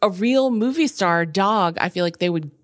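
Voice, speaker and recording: A woman's voice: medium pitch, expressive, normal speed, studio quality. A woman co-hosting a podcast from a friend's house, easygoing in conversation, often echoing her partner's phrases and laughing easily. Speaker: podcast co-host. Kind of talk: casual chat.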